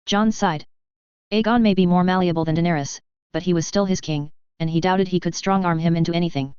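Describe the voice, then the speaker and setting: A woman reading a fan fiction story aloud in an even, measured way. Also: fairly low pitch, clear, resonant tone, no echo. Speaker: narrator. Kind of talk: scripted fan fiction narration. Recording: dry, slightly dull recording.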